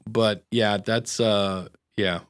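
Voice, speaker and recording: A man's voice: on the low side, steady tone, slow pace, fairly bright tone, smooth. A middle-aged man hosting a podcast, telling stories in a rambling, casual way with frequent restarts. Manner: rambling anecdotal storytelling with many restarts. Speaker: podcast host. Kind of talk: casual chat.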